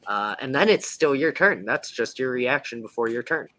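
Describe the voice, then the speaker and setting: Bright-voiced man running a tabletop game. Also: medium pitch, animated, normal speed, slight background noise, rough recording. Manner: casual, filler-heavy descriptions. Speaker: game master.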